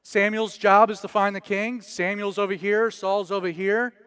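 A man's voice: high voice, flat delivery, moderate pace, a bit bright, clean tone, no echo. A man preaching a casual verse-by-verse sermon as pastor, conversational and joking with slang asides.

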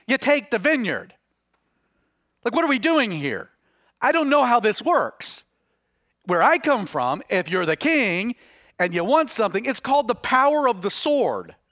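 A man's voice: extremely high pitch, pushed and bright, no room sound, studio quality, full character voice. A man voicing a bossy, scornful foreign queen who mocks her husband and gives orders. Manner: mocking, impatient, commanding.

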